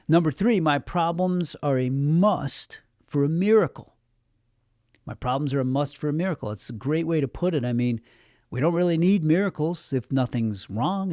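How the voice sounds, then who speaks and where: A male pastor delivering a sermon in an earnest, conversational way, with light touches of humor. His voice is mellow and warm rather than bright. The sound is close and dry, with little room echo. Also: mid-range voice.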